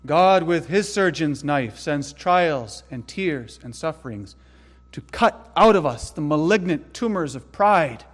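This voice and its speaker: A man preaching a sermon in an earnest way, dropping to hushed tones and rising to sudden loud emphasis. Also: a little high, lively intonation, measured pace, hardly any pauses, long reverb tail. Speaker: pastor.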